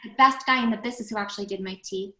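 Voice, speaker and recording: A woman's voice: mid-range voice, very fast, pushed and bright. A middle-aged woman being interviewed about her recovery center, telling stories bluntly and animatedly, with frequent restarts. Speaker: guest, recovery center founder. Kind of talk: casual podcast interview. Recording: echoey room.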